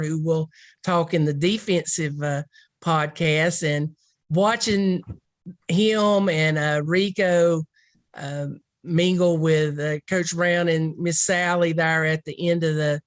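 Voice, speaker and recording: A woman's voice: fairly low pitch, steady tone, slow pace, no echo. A woman football recruiting analyst in a casual podcast discussion, rambling and thinking aloud.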